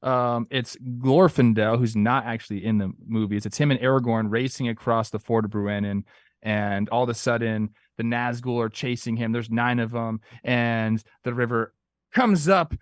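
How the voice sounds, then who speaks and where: A young man co-hosting a casual sports talk show, animated and playful, acting out quotes in goofy voices. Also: mid-range voice, moderate pace, dry recording, clean studio sound. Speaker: podcast co-host.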